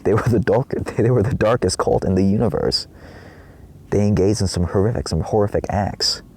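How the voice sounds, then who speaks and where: A man's voice: lowish voice, moderate pace, darkish tone, husky. A man giving a rambling spiritual monologue in his trailer, swearing often and acting out his own past cries. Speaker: spiritual vlogger.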